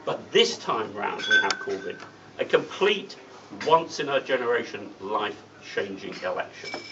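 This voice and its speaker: A man's voice: fairly low pitch, big pitch swings, unhurried. Blunt man speaking from a distance. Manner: blunt, anecdotal, with sardonic asides. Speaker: guest speaker at a political meeting. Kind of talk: political speech. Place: meeting room. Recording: distant mic, dull sound, faint hiss.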